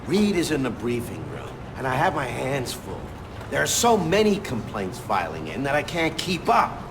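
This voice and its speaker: A harried, overworked desk cop. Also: male voice, mid-range voice, huge pitch swings, background noise. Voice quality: harried, rushed manner. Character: overworked male desk officer. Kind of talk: video game voice acting.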